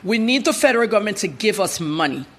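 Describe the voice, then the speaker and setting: A woman's voice: medium pitch, sing-song, fast talker. A woman journalist, a guest in a TV news interview, telling her story bluntly and with animation.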